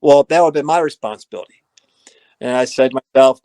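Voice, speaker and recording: A man's voice: medium pitch, fast, no echo. Dry-sounding man telling locker room stories. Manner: lively anecdotes, acting out quoted dialogue. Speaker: former assistant equipment manager, guest. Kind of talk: storytelling in a podcast interview.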